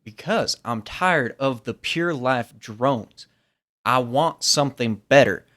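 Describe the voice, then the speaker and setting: A man's voice: medium pitch, animated, slow, a bit bright. A man playing a nervous, sweaty, fed-up ex-corporate worker in a tabletop game, pleading earnestly and stumbling over restarts. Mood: eager. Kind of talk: in-character tabletop role-play.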